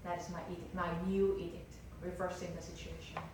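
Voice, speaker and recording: A woman teaches a Bible class and retells the story with lively, chatty energy. She is recorded from a distance in a very echoey lecture room, with a faint hiss beneath. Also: fairly low pitch, a little fast. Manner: animated, conversational, fillers of "like". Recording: roomy lecture hall, distant mic.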